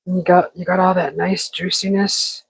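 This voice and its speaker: A woman's voice: fairly low pitch, level tone, normal speed, creaky, slight background noise, low-quality recording. A woman hosting a live cooking stream from her home kitchen, chatting casually and talking to the food as she works. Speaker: cooking show host.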